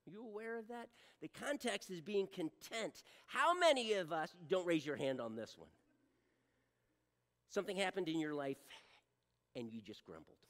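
A pastor preaching a sermon to a congregation, swinging from loud exhortation down to a hushed near-whisper and often checking in with the listeners. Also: mid-range voice, very animated, normal speed, long pauses, big-room sound. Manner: direct address to congregation, repeated rhetorical checks.

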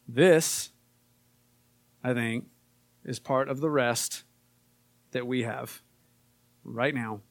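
A man preaching a casual sermon, relaxed and conversational with frequent fillers, and more emphatic when he reads scripture. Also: mid-range voice, very slow, long pauses, no room sound. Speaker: pastor.

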